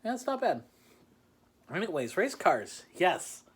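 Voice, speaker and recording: A man's voice: high voice, sing-song, measured pace, breathy edge. A man hosting a casual beer-tasting chat from home. He rambles, pokes fun at himself and laughs often. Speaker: host. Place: home in the Chicagoland area.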